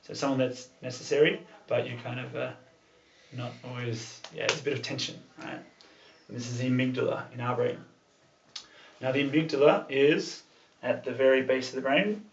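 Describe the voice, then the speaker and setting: A man's voice: mid-range voice, a little hiss or hum. A man giving a casual, loose talk to a small group, using many fillers and the odd swear. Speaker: club talk presenter. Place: room with a group of listeners. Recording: echoey room, far from the mic, dull sound.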